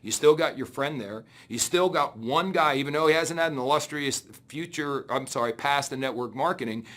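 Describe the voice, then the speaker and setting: A man giving a motivational talk on business, acting out excited and gloomy voices as he goes. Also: medium pitch, normal speed. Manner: animated, acts out excited and gloomy inner voices. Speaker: network marketing speaker.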